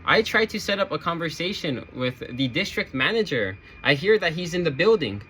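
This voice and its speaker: A man's voice: on the high side, very animated, brisk, sharp tone, slight background noise. A man who works in a retail store, telling a story about his job in a sarcastic, rambling, aggrieved way. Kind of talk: casual storytelling to camera.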